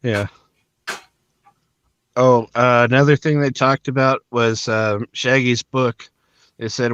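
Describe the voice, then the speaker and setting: Profane rambling man, smooth dry voice. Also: medium pitch, little pitch movement, slow pace, pauses often, a bit bright, dry recording, lo-fi sound. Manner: rambling, profane, many fillers. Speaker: podcast co-host. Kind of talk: casual chat.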